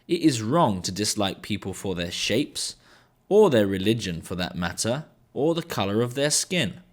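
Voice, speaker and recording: A man reading aloud and voicing a kind but firm mother in a storybook, measured and gentle. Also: fairly low pitch, big pitch swings.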